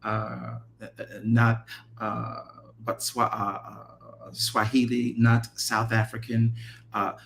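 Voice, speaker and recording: This is an American man preaching at a mid pitch, earnest and deliberate. He slows and stumbles when he lists things. A faint hiss runs under his voice. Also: completely flat delivery, creaky, a bit bright. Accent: American English. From United States. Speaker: minister. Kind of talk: preaching talk.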